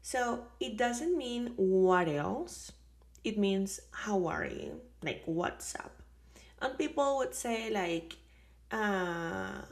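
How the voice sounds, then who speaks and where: A woman's voice: medium pitch, lively intonation, slow, creaky. A woman from Colombia with a Colombian Caribbean Spanish accent, giving a casual chatty language lesson and repeating example phrases. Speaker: Spanish teacher.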